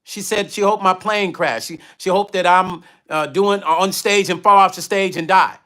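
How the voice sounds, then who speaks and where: A man's voice: high-pitched, fairly even intonation, moderate pace, bright, forceful tone. A man hosting a candid livestream, telling blunt stories and reading viewer comments aloud. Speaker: livestream host and musician.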